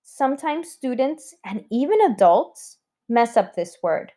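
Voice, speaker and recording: A woman's voice: fairly high pitch, very animated, measured pace, warm tone. A woman teaching a recorded spelling lesson to children, sounding out words letter by letter.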